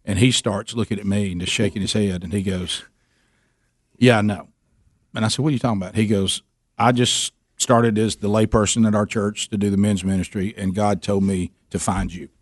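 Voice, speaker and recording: A man's voice: on the low side, steady tone, a little fast, no echo, studio quality. A middle-aged man, telling a story in a casual interview, self-deprecating and often repeating himself. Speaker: guest talking about his men's ministry.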